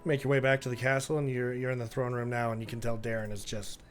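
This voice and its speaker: A man running a tabletop game, narrating scenes in a plain and relaxed way. His voice sits at an ordinary middle pitch. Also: fast, slight background noise. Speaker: game master.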